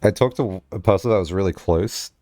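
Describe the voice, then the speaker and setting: A man's voice: low-pitched, a little fast, warm tone, dry recording, studio quality. A male streamer chatting casually while playing a game, rambling through a story with lots of "like" and swearing.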